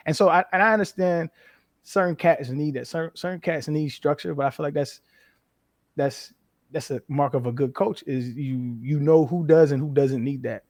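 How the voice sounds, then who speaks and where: A man in his thirties from the western United States, a former football player speaking as a guest, telling candid, animated stories laced with profanity. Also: on the high side, normal speed, dry recording, studio quality. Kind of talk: casual conversational interview.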